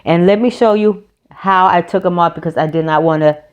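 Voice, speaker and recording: Guitar music plays behind this woman from North Carolina as she talks casually in her nail vlog, wandering through a story and correcting herself as she restarts. She has a clean, lowish voice and a fairly quick pace.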